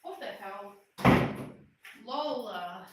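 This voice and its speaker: A woman's voice: mid-range voice, animated, drawn-out words, roomy sound, heavy background noise. A woman hosting a casual livestream from home, chatting loosely and cooing at and scolding her dog. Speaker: livestream host. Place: at home, indoors.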